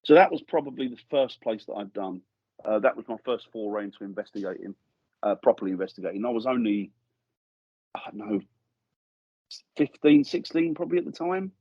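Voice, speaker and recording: A man's voice: fairly low pitch, animated, a little fast, pauses often, husky, dry recording, lo-fi sound. A middle-aged man from England, a guest in a podcast studio, telling ghost-hunting stories in a rambling way that keeps restarting sentences. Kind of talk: casual storytelling interview.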